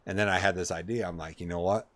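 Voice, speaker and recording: Streamer, middle-aged guy, lowish voice, acts out the voices in his story. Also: fast, slight background noise. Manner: animated, acts out voices, says man a lot. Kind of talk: casual storytelling while streaming a game.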